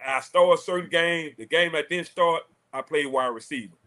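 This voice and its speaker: Man, lively storyteller, former quarterback, fairly high voice. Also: moderate pace. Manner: animated, laughing storyteller acting out quotes. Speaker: former college quarterback, guest. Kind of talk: casual storytelling on a talk show.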